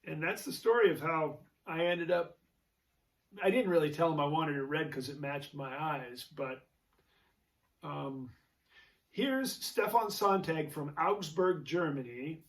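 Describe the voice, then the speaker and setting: A man's voice: on the high side, unhurried, far from the mic. A man hosting his own show, telling a rambling story in a casual, chatty way with many fillers and restarts. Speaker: show host, jazz guitarist.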